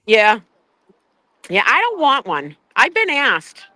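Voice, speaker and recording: An older woman streaming live from outside on her phone, chatting casually and laughing easily. Her voice sits a bit high and swings widely in pitch. The tone is bright and a little sharp. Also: huge pitch swings, slow pace, no echo, low-quality recording. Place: outdoors outside a courthouse, crowd nearby.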